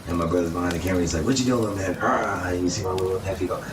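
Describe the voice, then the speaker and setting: A man telling a casual personal story, animated and acting out quoted dialogue. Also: low-pitched, very fast, a crowd in the background. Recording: echoey room, distant mic, noisy.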